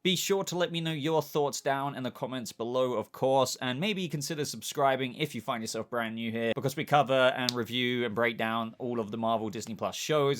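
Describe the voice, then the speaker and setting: A man's voice: mid-range voice, a bit bright. Male host, British accent, upbeat and conversational, mid-range voice, casual review delivery. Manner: chatty, upbeat, keeps saying "if you will". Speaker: TV show reviewer, channel host. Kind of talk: casual spoken video review.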